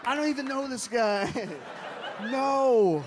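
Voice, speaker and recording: A young male stand-up comedian with a high voice works a club stage. He jumps between a conversational delivery and loud, shouted punchlines. A faint crowd murmurs behind him over a light hum of room noise. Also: slow pace.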